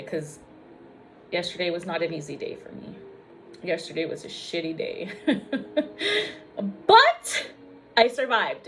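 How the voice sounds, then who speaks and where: Woman nurse from the US, venting straight to camera, foul-mouthed, teary, soft music behind. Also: lowish voice. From United States. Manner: emotional, profane, blunt. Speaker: registered nurse and vlogger. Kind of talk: raw personal vlog monologue.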